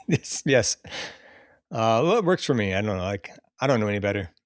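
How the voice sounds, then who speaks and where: A man's voice: fairly low pitch, big pitch swings, moderate pace, no room sound, studio quality. A man hosting a casual podcast, chatting loosely and laughing often as he runs through a cast list. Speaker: podcast host. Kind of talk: casual chat.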